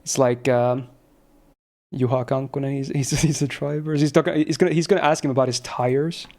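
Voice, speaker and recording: A man's voice: a little high, fairly even intonation, fairly quick, darkish tone. Laid-back Finnish streamer man chatting. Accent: near-American English, slight Finnish trace. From Finland. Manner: laid-back, swears casually, laughs often. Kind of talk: casual livestream chat with chat readers.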